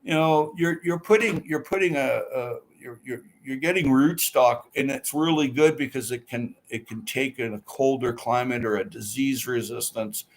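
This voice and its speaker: A man's voice: mid-range voice, normal speed, hardly any pauses, slight background noise. A man hosting a casual livestream, reading out viewer comments and chatting back in an easygoing way. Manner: chatty, reads out viewer comments and answers them.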